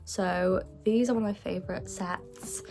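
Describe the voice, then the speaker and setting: Chatty, excitable young woman. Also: medium pitch, unhurried. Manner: chatty and excitable, with hushed asides. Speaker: book vlogger. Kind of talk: casual chat showing her books. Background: faint background music.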